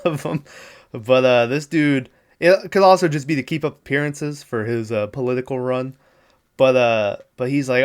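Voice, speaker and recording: A man recaps a movie solo for his podcast in a loose, laid-back way, swearing constantly and breaking into laughter. His voice sits in a middle range and comes across smooth and clear. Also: mid-range voice. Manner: loose, profane, laughs often, lots of fillers. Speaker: podcast host.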